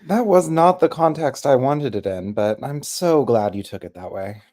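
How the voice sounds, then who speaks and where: A man's voice: mid-range voice, normal speed, a little mellow, natural voice. A man voicing a sarcastic young male wizard student in a tabletop game, delivering dry, teasing put-downs. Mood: sardonic.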